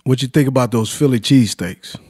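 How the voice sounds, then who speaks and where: A man's voice: medium pitch, a little fast, warm tone, breathy edge. A man hosting a casual chat, joking and using a lot of slang. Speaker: host.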